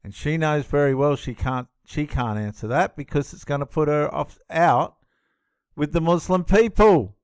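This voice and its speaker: A man's voice: a little high, moderate pace, hardly any pauses, clean tone, dry recording, studio quality. A man giving indignant, emphatic reaction commentary on a clip, often repeating himself.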